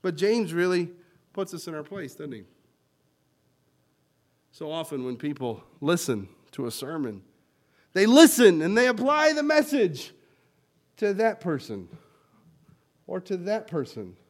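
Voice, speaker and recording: A male pastor preaching a sermon, swinging from loud emphatic lines to quiet ones as he explains and quotes scripture. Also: high-pitched, very animated, a little slow, pauses often. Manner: teaching word meanings and quoting scripture.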